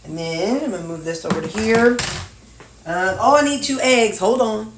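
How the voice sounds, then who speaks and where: A woman's voice: mid-range voice, normal speed, a little hiss or hum. A middle-aged woman from Missouri, chatting folksily to herself and her viewers as she measures and cooks in her home kitchen. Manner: folksy, talks to herself while measuring and cooking. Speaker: cooking vlogger. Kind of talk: casual cooking chat. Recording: roomy kitchen, mic at a distance. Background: clinking dishes and cutlery.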